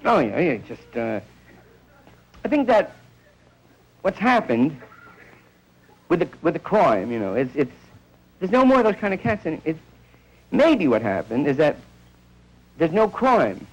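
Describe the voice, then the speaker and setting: A man's voice: fairly high pitch, sing-song, measured pace, pauses often, slightly rough, poor audio. A man doing a rambling stand-up comedy monologue, telling stories and acting out bits of dialogue.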